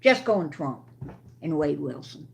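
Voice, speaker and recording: A woman's voice: sits low, big pitch swings, a little slow, creaky, a little mellow. Older woman chatting on a livestream. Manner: chatty, talks to viewers and her dog while cooking. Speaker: livestream host. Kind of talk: casual livestream chat.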